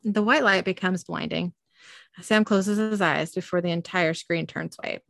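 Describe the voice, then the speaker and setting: A woman's voice: fairly low pitch, a little slow, gravelly, a bit bright, dry recording. Young woman, podcast host, reading a recap aloud, casual, dry close mic. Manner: casual, with frequent ums and laughs.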